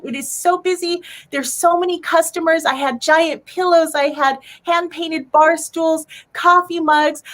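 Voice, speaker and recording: Woman storyteller from Arizona, high voice, earnest, heartfelt personal tale. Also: a bit bright. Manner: earnest, heartfelt, acts out her own quoted thoughts.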